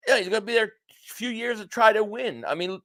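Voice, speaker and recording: High, bright-voiced ranting stream host. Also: male voice, fairly quick. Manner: excitable, blunt, ranting, profane. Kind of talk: live sports reaction stream, reading super chats.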